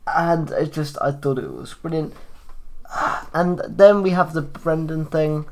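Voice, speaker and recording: A man's voice: on the high side, unhurried. Chatty man recapping an episode. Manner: chatty, laughs often, rambling with restarts. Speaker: podcast co-host. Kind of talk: casual chat recapping a TV episode.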